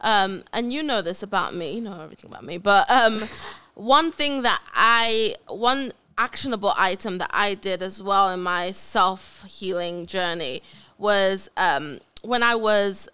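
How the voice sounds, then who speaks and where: A young woman in her twenties, a podcast co-host chatting candidly and reading a listener letter aloud, animated and quick to laugh. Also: mid-range voice, clean tone.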